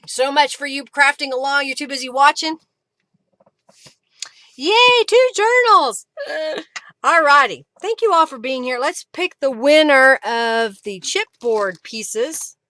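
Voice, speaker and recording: Bright-voiced Oklahoma woman chatting live. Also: sits high, measured pace, no room sound. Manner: chatty, greets and thanks viewers by name, laughs often. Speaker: craft livestream host. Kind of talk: casual live-stream chat.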